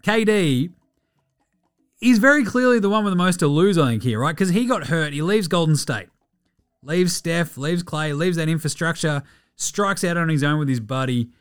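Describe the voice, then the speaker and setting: Aussie bloke ranting on a sports pod, swears constantly, kinda high voice. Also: male voice, normal speed, clear, resonant tone. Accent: Australian. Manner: sweary, animated, jokey. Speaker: podcast host. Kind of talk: casual sports podcast rant.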